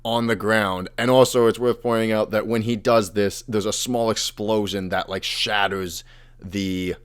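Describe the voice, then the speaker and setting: A man's voice: lowish voice, fairly even intonation, measured pace, smooth. A young man casually retelling fantasy lore as a podcast host, acting out the characters' lines as he goes.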